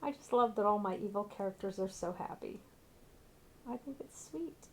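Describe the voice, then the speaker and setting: A woman's voice: mid-range voice, normal speed, slight background noise. A woman streaming a video game, chatting casually and bluntly, now and then swearing. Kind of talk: casual gameplay commentary.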